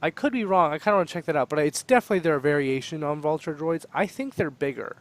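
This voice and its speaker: A man co-hosting a podcast in casual chat, animated and quick to argue his point. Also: fairly high pitch. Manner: animated, talks over others, laughs often. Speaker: podcast co-host.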